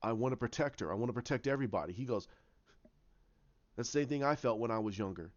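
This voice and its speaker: A man casually retelling his own story idea, rambling with many restarts and acting out the quotes in a lower voice. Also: fast talker. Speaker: fan commentator. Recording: dull lo-fi sound.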